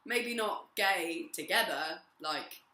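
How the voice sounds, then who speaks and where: A young woman in her twenties chatting casually to camera as a vlogger, giggly and rambling, her voice a little hoarse. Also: lowish voice, expressive, takes it slowly, pushed and bright. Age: 20s. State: voice going hoarse. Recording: roomy echo.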